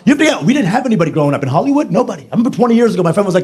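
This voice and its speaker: A man's voice: sits high, sing-song, very fast, a little mellow. A man performing a brash, profane stand-up set on a club stage, mimicking accents and voices. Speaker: stand-up comedian. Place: comedy club stage before a live audience.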